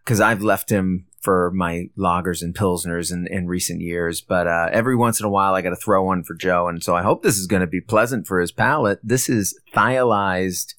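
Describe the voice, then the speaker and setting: A man co-hosting a casual podcast about films and beer, talking in a relaxed, chatty way with frequent restarts. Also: deep voice, moderate pace, hardly any pauses, dry recording, studio quality. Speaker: podcast co-host. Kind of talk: casual film and beer chat.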